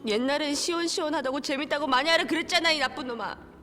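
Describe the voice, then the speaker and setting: Heartbroken gf screaming at her bf, tv drama, super fast and high. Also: soft background music. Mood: furious. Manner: shouting and rapid-fire. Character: young woman, furious heartbroken girlfriend. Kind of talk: TV drama acting.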